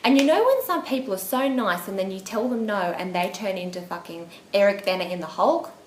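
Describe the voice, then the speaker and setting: An Australian woman in her twenties rattles through a storytime vlog, dramatic and chatty with lots of "like". Her voice sits at an ordinary middle pitch. The room is echoey, with faint background noise. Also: expressive, fairly quick. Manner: chatty and dramatic, heavy use of "like", acts out quotes. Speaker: beauty vlogger.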